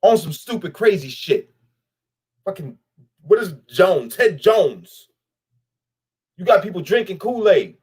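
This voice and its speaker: A man's voice: sits high, lively intonation, slow, pauses often, a little mellow, slightly rough. A man delivering a blunt, profane commentary straight to camera, addressing someone directly and repeating lines for emphasis. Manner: blunt, profane, speaks straight to the person he criticizes. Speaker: vlogger.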